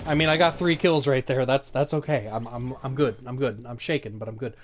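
A man's voice: mid-range voice, steady tone, fairly quick, hardly any pauses, noisy background. A man streaming live gameplay, chatting and playfully taunting opponents as he plays. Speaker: game streamer. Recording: game gunfire behind voice. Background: game gunfire and effects.

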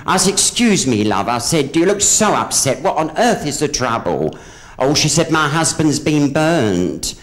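A man's voice: fairly high pitch, sing-song, normal speed. A man doing stand-up on a theatre stage, telling gossipy jokes and hopping into voices for each character. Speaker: stand-up comedian. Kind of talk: live stand-up joke telling. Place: theatre stage with a live audience.

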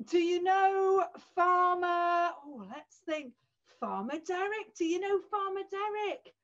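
A woman leading a children's sing-along over a video call, animated and exaggerated for small children. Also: very high-pitched, slow pace. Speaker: children's music session leader. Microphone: video call computer mic. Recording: dull video call audio.

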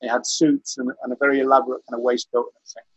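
A man's voice: mid-range voice, flat delivery, racing, slightly rough, dry recording, low-quality recording. A man telling a rambling courtroom anecdote on a video call, restarting his sentences often. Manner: rambling storyteller, frequent restarts, chuckling. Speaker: interview guest, veteran activist.

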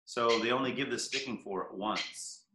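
A man's voice: mid-range voice, moderate pace, sharp tone, a little hiss or hum. Easygoing male percussion teacher, echoey room. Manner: counts rhythms aloud, easygoing. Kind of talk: casual instruction.

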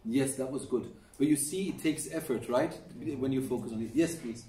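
A man's voice: medium pitch, moderate pace, warm tone. A middle-aged man teaching Quran recitation in a classroom, patiently demonstrating sounds over and over and coaching his students. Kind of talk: classroom lesson on pronunciation. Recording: echoey room, mic at a distance.

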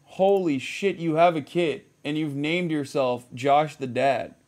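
A man's voice: fairly high pitch, unhurried, darkish tone. A man in his thirties reacting live on stream, blunt, profane and mocking.

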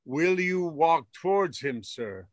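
A man reading a sly servant in a Zoom play reading, with a slow, wry delivery. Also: a little high, lively intonation, no room sound. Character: sly male servant egging on a duel. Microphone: video call.

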